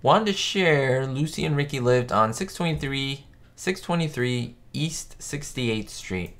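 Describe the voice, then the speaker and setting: A man's voice: mid-range voice, a little slow. Chatty man live-streaming commentary. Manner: chatty, reads chat aloud, excitable asides. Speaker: host. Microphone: webcam setup.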